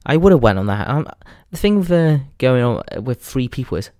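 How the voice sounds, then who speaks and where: A man's voice: mid-range voice, very animated, brisk, a little mellow, no echo, studio quality. A young English man hosting a podcast, talking in a crude, rambling comic monologue and laughing at his own jokes. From England. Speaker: podcast host. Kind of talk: casual comedic monologue.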